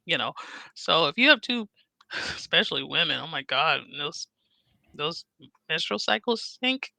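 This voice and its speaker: A woman in her fifties chatting frankly as a podcast co-host, telling stories with animated, acted-out dialogue. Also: low-pitched, a little slow, vocal fry, dry recording. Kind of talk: casual chat.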